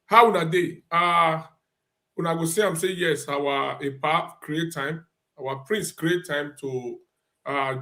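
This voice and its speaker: A male host with a Nigerian Pidgin accent, greeting viewers in a chatty way full of fillers. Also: on the high side. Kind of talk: casual broadcast greeting.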